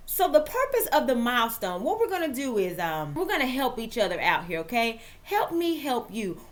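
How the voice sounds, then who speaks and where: A woman hosting a chatty football vlog, playful and dramatic. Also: on the high side. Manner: lively, playful, dramatic asides. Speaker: vlog host and author.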